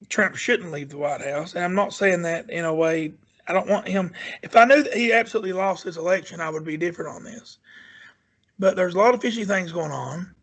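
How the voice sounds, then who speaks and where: A man's voice: high-pitched, fairly bright tone. A man co-hosting a podcast, giving his political views in an emphatic, repetitive, insistent way. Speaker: podcast co-host. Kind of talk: casual political chat.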